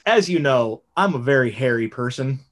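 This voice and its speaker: A man's voice: mid-range voice, moderate pace. Male podcast co-host, thirties, loose rambling delivery with plenty of swearing. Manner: rambling, profane, animated storytelling. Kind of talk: casual chat.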